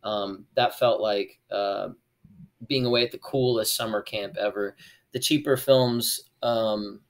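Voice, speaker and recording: A young adult man, a former child actor, talking as a podcast guest in a relaxed, rambling way with plenty of fillers. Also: fairly low pitch, unhurried. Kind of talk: casual interview chat.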